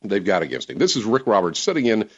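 Talk radio guy, lowish voice jumping all over, emphatic, kinda muffled radio sound. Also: fast talker. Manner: animated, emphatic, laughs easily. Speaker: radio talk show host. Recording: dull lo-fi radio broadcast.

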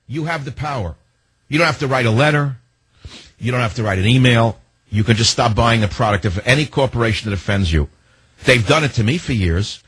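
A man's voice: medium pitch, fairly bright tone, breathy edge, dry recording, low-quality recording. A man hosting a talk radio show, ranting in an opinionated monologue full of emphatic rhetorical questions, into a studio microphone.

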